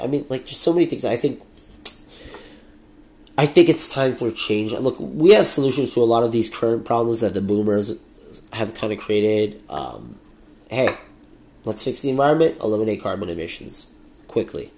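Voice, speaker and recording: A man's voice: mid-range voice, mellow. A young man with a Canadian accent hosting a solo podcast, ranting heatedly and swearing often. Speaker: podcast host.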